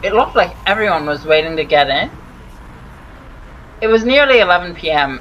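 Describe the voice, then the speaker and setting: A man's voice: on the high side, fairly bright tone, lo-fi sound, a little hiss or hum. A man hosting a let's play, reading a dating sim's story aloud with amused asides. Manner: amused, narrating with laughs.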